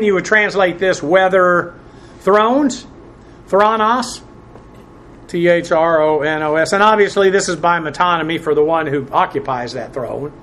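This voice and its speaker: A man teaching a Bible passage word by word from the Greek, spelling terms letter by letter and filling pauses with "uh". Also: on the high side, a bit bright, a little hiss or hum. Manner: spells out Greek words letter by letter, many "uh" fillers; presses emphatic points with rising force.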